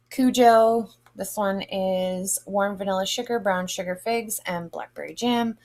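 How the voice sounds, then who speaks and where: A woman vlogger giving a casual, chatty product review, lively and expressive with drawn-out exclamations. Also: mid-range voice. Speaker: vlogger reviewing wax melts.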